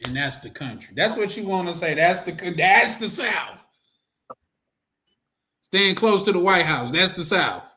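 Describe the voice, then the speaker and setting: A man hosting a casual group talk, bantering in an animated, slangy way and often laughing. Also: high voice, measured pace, pauses often. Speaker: host.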